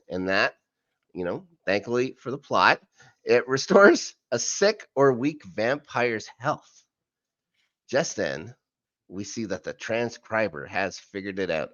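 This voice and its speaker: A man co-hosting a rewatch podcast, rambling through a recap with plenty of "uh"s and side comments. His pitch swings up and down a lot. The sound is dry and a little dull. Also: expressive, measured pace, fairly bright tone, no room sound. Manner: chatty, rambling recap full of fillers and asides. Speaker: podcast co-host. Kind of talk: casual rewatch recap chat.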